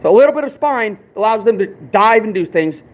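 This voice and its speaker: A man's voice: high-pitched, animated, a little fast, phone-quality sound. A man, a fur trapper, chatting casually to viewers as he works, swearing often and grumbling at himself. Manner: frustrated and self-deprecating. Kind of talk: casual live-stream demonstration. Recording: echoey room, mic far off, background noise.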